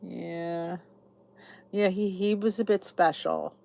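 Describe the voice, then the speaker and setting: A woman's voice: on the low side, fairly even intonation, slow pace, gravelly, warm tone. A woman hosting her own channel, chatting casually with viewers and answering their comments. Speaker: YouTube channel host. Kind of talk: casual live chat with viewers.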